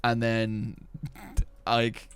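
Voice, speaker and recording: A young man from Glasgow with a softened Scottish accent, chatting casually and profanely on a game stream, with lots of "like" and "man". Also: mid-range voice, completely flat delivery, extremely slow, clear, resonant tone. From Glasgow, Scotland. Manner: rambling, profane, full of "like" and "man". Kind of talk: casual live-stream chat while gaming.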